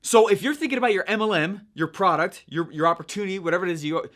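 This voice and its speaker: A young man coaching viewers in a chatty, energetic way, checking in with "right?" as he explains. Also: sits high, quick pace. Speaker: online marketing coach. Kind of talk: casual teaching monologue.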